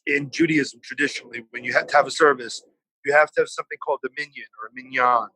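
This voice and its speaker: A man's voice: medium pitch, steady tone, quick pace, sharp tone, no room sound, rough recording. A man in his forties, a guest on a remote podcast, chatting animatedly and swearing freely. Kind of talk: casual chat. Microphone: remote call setup.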